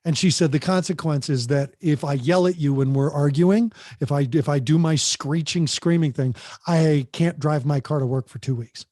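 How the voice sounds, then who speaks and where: A man's voice: on the high side, normal speed, hardly any pauses, darkish tone, no room sound, studio quality. A man, a parent coach guest on a podcast, giving emphatic, plain-spoken advice and acting out what parents say.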